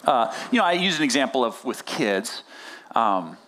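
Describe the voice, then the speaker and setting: A man preaching a sermon as pastor, conversational and animated, often acting out quoted dialogue. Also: mid-range voice, moderate pace.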